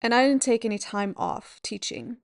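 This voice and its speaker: A woman hosting a podcast as a yoga teacher, talking in a gentle, candid and reassuring way at home. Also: a little high, expressive, normal speed, no room sound, studio quality. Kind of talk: reflective solo podcast talk. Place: at home at a table.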